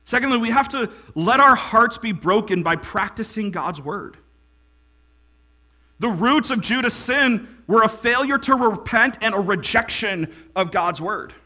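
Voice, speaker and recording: A man preaching a sermon as a pastor, building to emphatic peaks and dropping to quiet lines. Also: sits high, expressive, measured pace.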